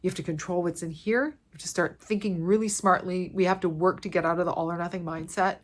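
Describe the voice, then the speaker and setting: Woman fitness coach, slightly low-pitched, emotional, heartfelt motivational vlog, repeats key lines. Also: steady tone, quick pace, hardly any pauses. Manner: earnest, repeats key phrases for emphasis. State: emotional, close to tears. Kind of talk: heartfelt motivational talk to camera.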